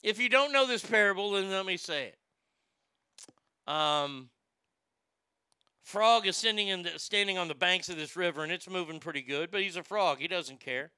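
High bright-voiced guy ranting sarcastic, stumbles over words, dry close sound. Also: expressive, normal speed, long pauses, clear, resonant tone, no echo. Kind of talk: comedic rant.

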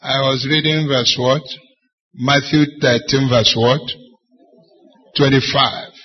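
Bishop in the pulpit, husky voice, dramatic testimony, muffled lo-fi recording. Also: male voice, medium pitch, steady tone, slow pace. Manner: dramatic storytelling, acts out dialogue. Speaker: bishop preaching. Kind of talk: sermon with personal testimony. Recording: dull lo-fi sermon recording.

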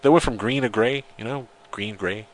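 A man's voice: mid-range voice, normal speed. A man hosting a radio talk show, reading a news story aloud and mocking it with sarcastic asides. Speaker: radio host. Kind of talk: casual joking radio chat.

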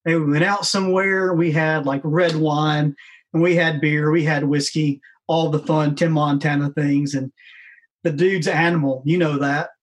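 A man's voice: on the high side, steady tone, normal speed. A man in casual chat, easygoing and self-deprecating.

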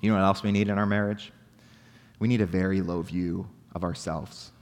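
A young adult man preaching a sermon as pastor, earnest, with rhetorical questions, dropping to hushed tones and rising to emphatic points. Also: low-pitched, fairly even intonation, moderate pace. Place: church hall. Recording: long hall reverb.

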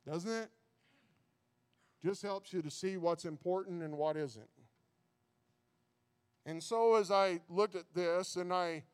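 A man's voice: a little high, clean tone. A man preaching a sermon who stumbles and repeats words, building into fervent preaching.

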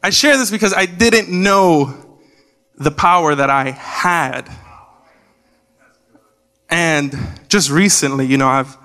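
Animated young man preaching a comic story. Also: slow, pauses often. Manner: animated, comic storytelling with sudden loud high quoted shouts. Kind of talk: sermon storytelling.

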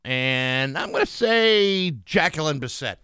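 A man's voice: a little high, lively intonation, slow pace, pushed and bright, smooth, dry recording, clean studio sound. A middle-aged man in casual chat as co-host, rambling with many fillers and restarts.

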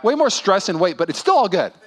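Pastor, male, 30s, sermon delivery, high voice, lively storytelling with voiced quotes. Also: a little fast. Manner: animated, acts out voices in quotes.

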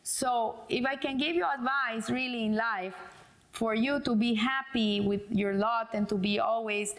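A woman's voice: fairly high pitch, measured pace. A middle-aged woman giving an informal religious lesson, talking in a conversational way with fillers and restarts. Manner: conversational, many fillers and restarts, acts out quoted dialogue in a joke. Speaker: Torah class teacher.

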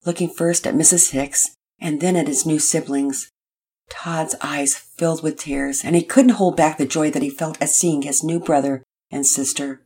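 Husky low-voiced woman narrating. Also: moderate pace. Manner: steady, plain storytelling. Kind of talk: scripted storybook narration.

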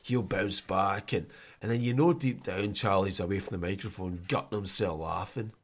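Man, lowish pitch, podcast co-host, jokey ranting, laughs a lot. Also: brisk, husky. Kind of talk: casual chat.

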